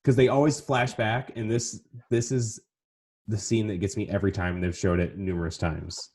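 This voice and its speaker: A man in casual podcast chat, talking earnestly and emotionally in relaxed slang. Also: on the low side, moderate pace. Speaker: podcast guest or host.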